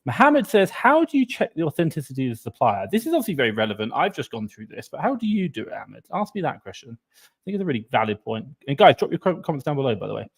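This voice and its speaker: A man co-hosting a casual live stream over a video call, chatty and upbeat with quick asides. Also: mid-range voice, sing-song, gravelly, husky.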